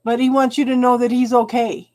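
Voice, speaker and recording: A woman's voice: on the high side, flat delivery, brisk. A woman giving live tarot readings and chatting with viewers, calling them hon and getting emotional over the cards. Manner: chatty, warm-hearted, calls viewers hon. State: tearful, emotional. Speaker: tarot reader.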